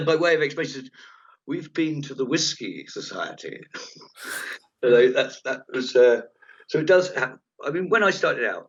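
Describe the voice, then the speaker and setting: A comedian telling stage anecdotes in a chat interview, rambling and lively, acting out the voices of people in the story. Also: male voice, low voice, breathy edge. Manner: rambling, animated, acts out quoted voices. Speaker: comedian guest. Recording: dull lo-fi audio.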